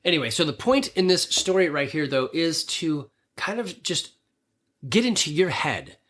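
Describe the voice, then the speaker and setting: A man's voice: on the high side, very animated, normal speed, fairly bright tone. Earnest rambling man in his fifties. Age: 50s. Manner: earnest, rambling, frequent restarts. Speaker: podcast host and gym owner. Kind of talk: casual motivational monologue.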